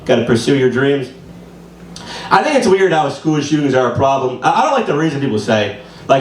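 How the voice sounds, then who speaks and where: Standing on a small comedy club stage, this stand-up comedian, a man in his twenties, delivers a loose, foul-mouthed, meandering open-mic routine. His mid-range voice is very animated and fairly quick. The distant mic gives a roomy sound.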